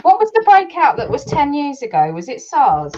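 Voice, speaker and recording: Woman, guest, casual chat, candid, self-mocking, very lively pitch, lo-fi recording. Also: moderate pace, over a noisy crowd. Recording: dull lo-fi sound.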